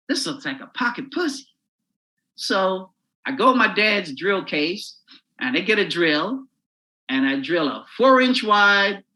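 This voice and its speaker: Bright-voiced crude comic storyteller man. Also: high voice, rough recording. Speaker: comedian guest. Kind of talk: telling a stand-up story in a podcast chat.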